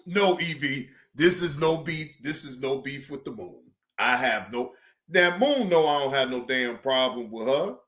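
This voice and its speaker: A man hosting a livestream, giving casual reaction commentary in an animated, repetitive, teasing way. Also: mid-range voice, unhurried. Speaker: livestream host.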